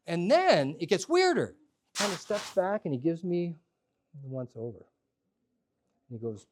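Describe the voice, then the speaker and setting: Male storyteller, comic and self-mocking, with a bouncy, highly expressive delivery. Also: measured pace, pauses often, a little hiss or hum. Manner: animated, humorous, self-deprecating. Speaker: storyteller leading a workshop. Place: workshop room with a live audience.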